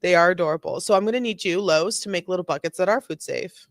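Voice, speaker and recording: A woman's voice: lowish voice, fast talker, dry recording, studio quality. Sarcastic woman riffing on a video. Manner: sarcastic, joking asides. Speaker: commentator reacting to body cam video. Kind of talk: casual reaction commentary.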